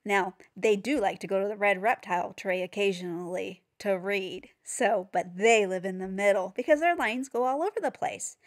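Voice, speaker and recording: A woman's voice: mid-range voice, moderate pace, hardly any pauses. A woman giving a phonics lesson for teachers and parents, patiently sounding out each letter. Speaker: reading teacher.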